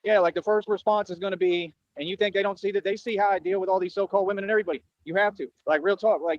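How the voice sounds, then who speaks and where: A man's voice: sits high, fairly even intonation, rapid-fire, few pauses, no room sound, dull audio. A man rambling on at length, boastful and earnest, repeating himself often, with a way of talking. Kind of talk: rambling street monologue.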